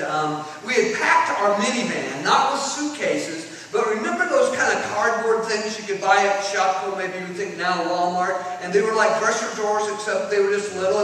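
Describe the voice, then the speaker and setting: A middle-aged man giving an animated storytelling talk at a conference, sometimes shouting out parts of his stories. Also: high-pitched. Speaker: conference speaker. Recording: echoey hall from far off.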